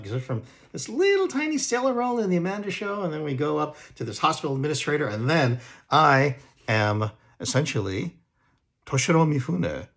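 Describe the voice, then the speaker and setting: A male actor talking casually to camera and looking back on old roles, rambling and poking fun at himself. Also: mid-range voice. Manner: self-deprecating and rambling. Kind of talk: casual talk to camera, reminiscing.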